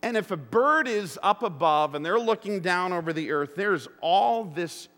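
Animated preacher, bright voice, long hall echo. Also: male voice, sits high, moderate pace. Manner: animated storytelling with rhetorical questions to the congregation. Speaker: pastor. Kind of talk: sermon.

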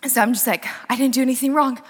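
A young woman giving a casual, storytelling sermon, chatty and animated, full of "like" and "um". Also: high-pitched, fast, husky, long reverb tail.

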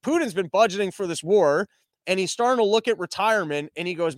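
Sarcastic high-voiced man riffing on news. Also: expressive, quick pace, dry recording. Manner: sarcastic, profane, slips into mocking impressions. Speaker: podcast host. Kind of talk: casual commentary on news headlines.

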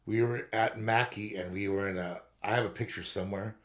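A man's voice: fairly low pitch, fairly even intonation, a little fast, a bit bright. A man in his fifties on a podcast, telling long, rambling, profane stories in casual chat. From Southern California. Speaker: podcast co-host.

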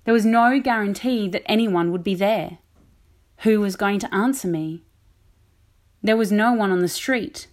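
Woman vicar preaching a sermon, reflective and measured, middle pitch.

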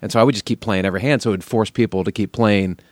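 A man on a casual podcast, chatting quickly and telling a story. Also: lowish voice, fairly even intonation, dry recording. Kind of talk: casual chat.

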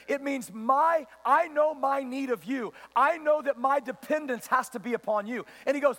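A man's voice: extremely high pitch, lively intonation, fairly quick, few pauses, sharp tone, big-room sound. A man preaching a sermon as pastor, emphatic, acting out quoted voices and putting questions to his listeners. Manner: emphatic, rising and dropping sharply for effect; acts out quoted voices and asks the crowd questions.

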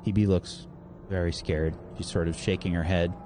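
A man's voice: deep voice, steady tone, moderate pace, over music. A man narrating a tabletop game as game master, in a loose, hedging way.

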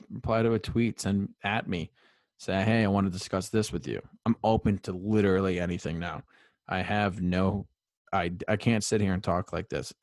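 A man's voice: sits low, dry recording. A young man out of breath after climbing stairs, rambling through the end of his solo sports podcast with lots of fillers. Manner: rambling, filler-heavy, self-deprecating.

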